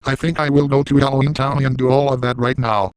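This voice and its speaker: A man voices a boastful middle-aged villain gloating through a comic first-person monologue, gleeful and self-satisfied from start to finish. His mid-range tone is smooth, clean, and natural, delivered flatly and fast. The recording is dry and close with no room sound, though the audio is poor.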